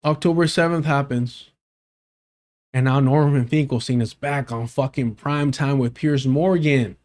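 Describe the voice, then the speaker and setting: A man's voice: on the high side, a little mellow. A man hosting a reaction commentary, ranting incredulously and swearing a lot. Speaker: commentary channel host.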